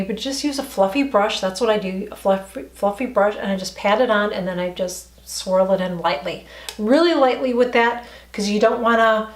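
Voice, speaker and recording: A middle-aged woman chatting through a makeup tutorial, enthusiastic and repeating herself as she gushes. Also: fairly high pitch. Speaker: beauty vlogger. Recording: roomy echo, faint music.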